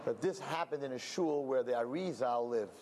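A man preaching by telling a story, animated and acting out the characters' voices. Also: medium pitch, moderate pace, a little hiss or hum. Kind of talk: sermon storytelling.

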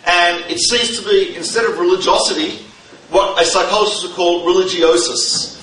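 A man giving a religious lecture, an animated storyteller who mixes in jokes. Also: high-pitched, moderate pace. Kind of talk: lively teaching lecture with stories and jokes. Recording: roomy, distant mic, faint background noise.

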